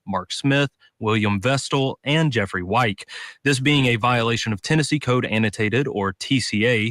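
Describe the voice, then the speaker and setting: Male news correspondent, formal scripted read, mid pitch, dry studio sound. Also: a bit bright, no room sound. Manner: measured, formal reading. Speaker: TV news reporter.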